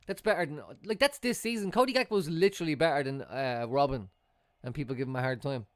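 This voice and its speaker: Young male streamer, live watchalong commentary, voice sits a touch high, dry room, excitable with sudden shouts and swearing. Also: quick pace, no echo. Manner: excitable, swears, jumps to loud outbursts. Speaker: fan streamer.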